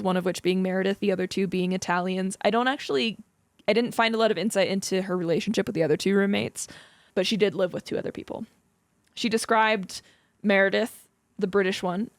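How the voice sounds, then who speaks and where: A woman's voice: medium pitch, dry recording. Chatty young woman podcaster, dry close mic. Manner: chatty, lots of fillers. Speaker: podcast co-host. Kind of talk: casual chat.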